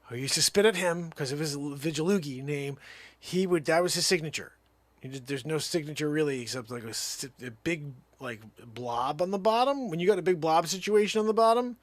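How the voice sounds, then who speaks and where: A man's voice: on the high side, dry recording. Rambling man spinning a dry tall tale. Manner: rambling, deadpan tall tale full of fillers. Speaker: livestream comedian. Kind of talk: improvised comic storytelling.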